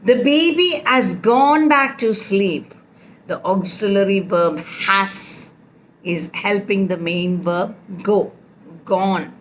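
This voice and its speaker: A woman's voice: medium pitch, slow, a little hiss or hum. A woman teaching a grammar lesson, patiently explaining with repeated example sentences. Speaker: English teacher.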